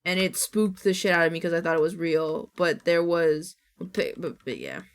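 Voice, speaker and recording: Woman streamer, casual live chat, rambling with restarts, relaxed swearing. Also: lowish voice, moderate pace.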